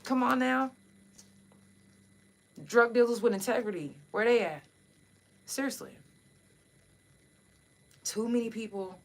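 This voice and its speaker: A woman with a slightly high voice hosts a casual livestream podcast, talking slowly and pausing often. She addresses her listeners directly, and she's impassioned, blunt and profane.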